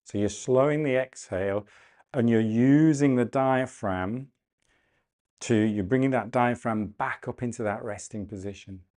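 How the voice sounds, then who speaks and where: A man leading a guided breathing and mobility class, cueing calmly and gently, often slowing down and repeating phrases. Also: medium pitch. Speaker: movement and breathwork instructor. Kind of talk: guided exercise class instruction.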